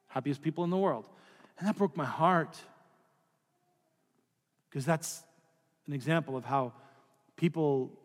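A middle-aged pastor preaches a sermon in a fairly bright voice that sits high, telling stories conversationally with casual asides. The recording has long hall reverb.

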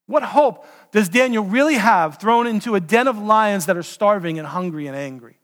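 High-voiced pastor preaching in a reverberant hall. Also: male voice, normal speed. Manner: storytelling, animated, direct questions to listeners. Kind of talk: sermon.

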